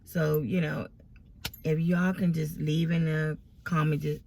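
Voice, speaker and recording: A grown woman vents to her followers on camera about family drama, close to tears, exasperated and rambling with many restarts. Her voice sits low with a darkish tone and vocal fry, and her delivery is flat and unhurried. There's slight background noise.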